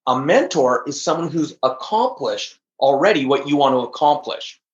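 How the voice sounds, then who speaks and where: A man speaking as a guest on an interview podcast, telling stories with high energy and emphasis. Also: expressive, normal speed. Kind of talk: interview conversation. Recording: echoey, dull lo-fi audio.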